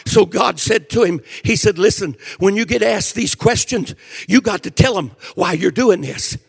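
Older man, preacher, gravelly, high-pitched, fervent sermon, shouts then hushed storytelling, emotional. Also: expressive, normal speed. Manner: fervent, swings between shouting and quiet storytelling.

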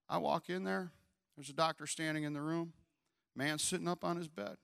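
High, bright-voiced man preaching a sermon. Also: fairly even intonation, a little fast, gravelly. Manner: storytelling that builds to shouted preaching. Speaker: pastor.

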